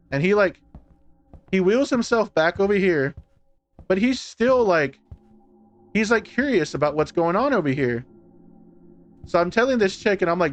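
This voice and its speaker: A man's voice: fairly high pitch, lively intonation, normal speed, pauses often. A man on a live stream telling a personal story in a rambling, casual way, full of "like" and restarts and some swearing. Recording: faint music behind. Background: faint music.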